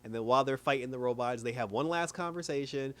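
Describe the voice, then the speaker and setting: Young male reviewer, casual recap, lively, acts out the characters, laughs often. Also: medium pitch, quick pace. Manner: animated, retells scenes acting out the characters, laughs often. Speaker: reviewer of a cartoon episode.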